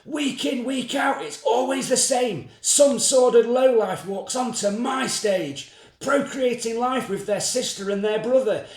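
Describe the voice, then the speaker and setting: A man voicing a pompous, bullying male daytime talk show host who lectures and shouts at his guests with self-righteous anger, in an echoey room. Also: very high-pitched, unhurried, voice pushed up. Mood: weary contempt. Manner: preachy, self-righteous outbursts.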